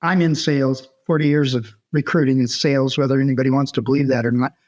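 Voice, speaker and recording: A man's voice: medium pitch, fairly even intonation, fast, darkish tone. An older man hosting an interview, asking direct questions to draw out his guest. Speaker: podcast host.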